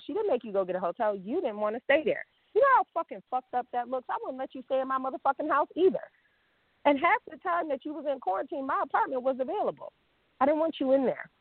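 A woman's voice: mid-range voice, dry recording. A woman rants bluntly and with heavy cursing, confronting someone directly in an unscripted vlog. Her voice comes through a narrow, phone-like band. The sound is dry, with no room around it. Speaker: vlogger. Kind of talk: unscripted rant to camera.

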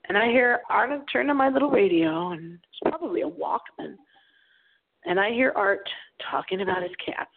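A woman's voice: on the high side, lively intonation, normal speed, vocal fry, husky. A woman in her forties hosting a paranormal radio show, speaking into a small microphone with a dramatic storytelling delivery. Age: 40s. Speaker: radio host. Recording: tinny phone-like audio.

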